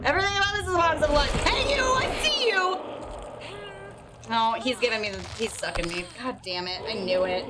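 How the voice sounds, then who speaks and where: A woman's voice: fairly high pitch, fast, hardly any pauses, heavy background noise. A woman commentating live on a horror game, crude and self-mocking, stressed, breaking into silly made-up songs. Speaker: streamer playing a horror game.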